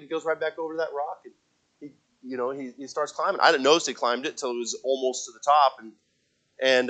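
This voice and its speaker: A man's voice: mid-range voice, bright, forceful tone. A man preaching in a conversational way, telling a family story with many restarts and repeated words, and acting out quoted lines in a raised voice. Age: adult father of a young child.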